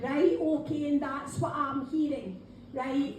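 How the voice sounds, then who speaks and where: A Scottish woman with a high voice gives a live mediumship reading in a pub function room. She chats to the audience and keeps saying "right, okay". The room is very echoey with a faint hum of noise behind her. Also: steady tone, slow pace. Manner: chatty, keeps saying "right, okay", calls people darling. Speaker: spiritual medium.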